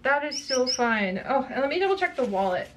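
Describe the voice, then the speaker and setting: A young adult woman chatting casually through a book box unboxing, gushing and quick to exclaim over each item. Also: high voice, very animated, background noise.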